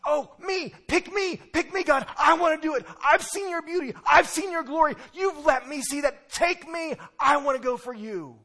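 Preacher playing a male prophet, high and keen, pleading to be picked. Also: normal speed, few pauses. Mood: eager pleading. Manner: excited, pleading, high-pitched. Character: eager male prophet begging to be chosen.

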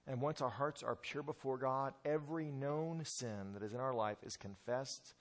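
A male pastor preaching a sermon in an emphatic way, often repeating words as he restarts. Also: medium pitch.

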